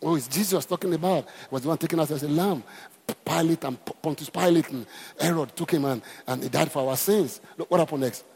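A man's voice: on the high side, a little fast, darkish tone, long reverb tail, slight background noise. A man preaching a sermon, emphatic and repetitive, calling out to the congregation. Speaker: pastor.

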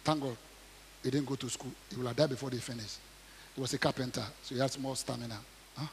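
A man preaching a sermon, reading scripture aloud and commenting on it, swinging between quiet asides and loud acted quotes, often asking the audience questions. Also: medium pitch, fairly even intonation, fast talker, long reverb tail, a little hiss or hum. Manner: asks the audience questions, repeats words.

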